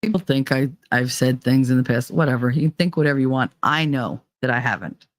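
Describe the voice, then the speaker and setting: A woman's voice: extremely low pitch, fairly quick, no room sound. A woman hosting a casual chat show, talking bluntly with frequent swearing and laughter. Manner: blunt and profane, laughs often. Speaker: host.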